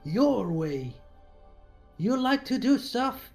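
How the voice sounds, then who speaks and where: A man voicing a defiant male warrior who rouses a crowd with slow, deliberate rhetorical questions. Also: very high voice, very animated, gravelly, a little mellow, soft background music, heavily acted. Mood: rousing.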